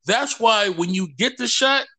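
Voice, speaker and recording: A man with a very high voice, speaking a little slowly, appears as a podcast guest. In casual conversation he tells stories with lots of energy, acting out what people said.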